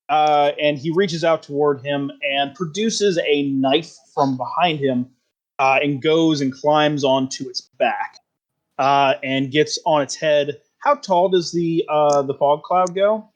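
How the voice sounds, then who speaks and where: A man's voice: fairly high pitch, fairly even intonation, a little slow. A man narrating as game master, laughing often and filling gaps with "uh". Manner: laughing often, many fillers.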